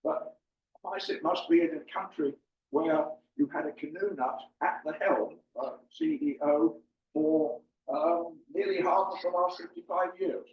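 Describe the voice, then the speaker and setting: A man's voice: fairly high pitch, fairly even intonation, unhurried. An older man giving an informal slide presentation to an audience, chatty and joking, with lots of ums. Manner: jokey, chatty, with many ums. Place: meeting room with an audience. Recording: far-off mic, roomy and muffled.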